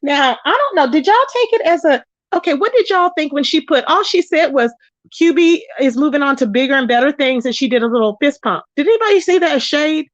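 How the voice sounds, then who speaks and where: Woman, high voice, casual livestream host, chatty, animated, dull lo-fi sound. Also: a little fast, no room sound. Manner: chatty, greets viewers in the chat by name; animated, pitch jumps up when excited. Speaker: live-stream gossip host. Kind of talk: casual live-stream chat.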